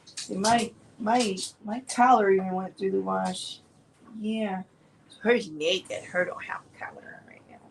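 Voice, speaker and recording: A woman's voice: mid-range voice, slow, creaky, a little hiss or hum, low-quality recording. A woman speaking for her goofy young female puppy in babyish pet talk with broken grammar. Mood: playful. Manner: baby talk, lisping grammar.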